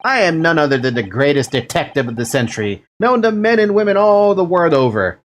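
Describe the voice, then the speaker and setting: A streamer voicing a grandiose, boastful male detective while reading game dialogue aloud on stream, with pompous, booming declarations. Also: sing-song, fairly quick, a little hiss or hum, natural voice.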